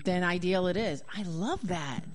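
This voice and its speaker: A woman's voice: lowish voice, normal speed, crowd noise. A woman co-hosting a casual chat, full of effusive, exclamatory reactions. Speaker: co-host.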